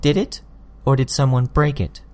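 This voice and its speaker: A man reading an audiobook, voicing a sly, smug young woman who needles her opponents with quick, pointed jabs. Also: mid-range voice, darkish tone, voice pushed up, lightly acted. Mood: taunting.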